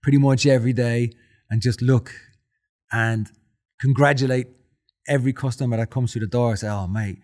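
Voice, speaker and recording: A man's voice: medium pitch, moderate pace, long pauses. A man in his forties with a Dublin Irish accent, a podcast guest telling stories in a casual interview and acting out his own quotes with feeling. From Ireland. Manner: emotional, animated storyteller who acts out his own quotes.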